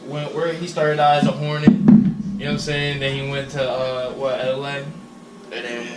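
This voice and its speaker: A man's voice: mid-range voice, flat delivery, normal speed, heavy background noise. A young man co-hosting a podcast, talking in loose, profane slang and laughing often. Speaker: podcast co-host. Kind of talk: casual chat. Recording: echoey room, far from mic.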